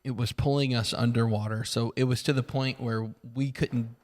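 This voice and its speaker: A man's voice: mid-range voice, steady tone, normal speed, a little mellow. A middle-aged man co-hosting a podcast, telling a story in casual chat with dry, teasing humor. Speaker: podcast co-host. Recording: long reverb.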